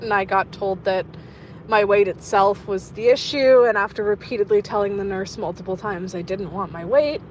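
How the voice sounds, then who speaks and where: A woman calling in with a voicemail message, halting and close to tears as she speaks. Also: medium pitch, slight background noise. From Canada. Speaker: caller.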